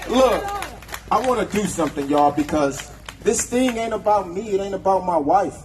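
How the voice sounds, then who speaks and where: A man's voice: high-pitched, normal speed, noisy background. A man giving a raw, profane speech at an outdoor protest, leading the crowd in chants. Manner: angry, profane, leads chants. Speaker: protest speaker. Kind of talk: impassioned rally speech.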